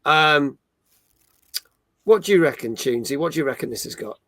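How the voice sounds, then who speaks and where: A man's voice: fairly high pitch, animated, normal speed, a bit bright, dry recording. A man hosting a casual gaming livestream, chatting upbeat and reading out viewers' comments. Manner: chatty, upbeat, reads viewer chat aloud. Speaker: stream host.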